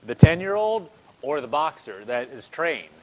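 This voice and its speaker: A man's voice: a little high, very animated, a little slow, fairly bright tone, slight background noise, rough recording. A man preaching a sermon in a conversational way, repeating phrases and building in intensity.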